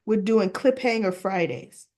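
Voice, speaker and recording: A woman casually recapping soap opera episodes, chatty and animated, briefly mimicking characters and sometimes searching for words. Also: mid-range voice, measured pace. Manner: searches for words with restarts and fillers.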